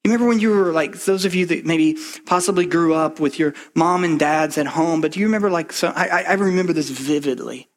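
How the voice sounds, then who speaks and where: A man preaches a sermon with a slightly high-pitched voice. He talks fast and loose, dropping in "like" and checking in with "right?" as he walks through the passage. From Kentucky. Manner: conversational, fast, lots of "like" and "right?". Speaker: pastor.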